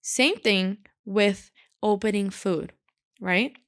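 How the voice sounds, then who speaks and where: A young woman rants on her solo podcast, sassy and animated, with a steady stream of "like" in her speech. Her voice sits in a middle register but keeps sliding into a gravelly vocal fry. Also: mid-range voice, slow pace. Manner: animated, sassy, full of filler "like". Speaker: podcast host.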